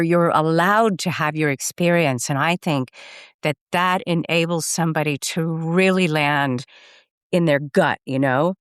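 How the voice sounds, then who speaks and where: A woman's voice: lowish voice, smooth, no echo, clean studio sound. A woman guest photographer answering interview questions earnestly and thoughtfully, often repeating words as she searches for them, over a video call.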